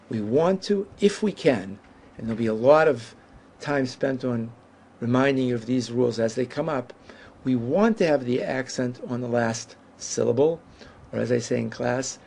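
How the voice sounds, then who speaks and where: A man teaching a Hebrew lesson at a whiteboard, explaining patiently and saying each Hebrew word slowly and carefully. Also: medium pitch, darkish tone, slight background noise.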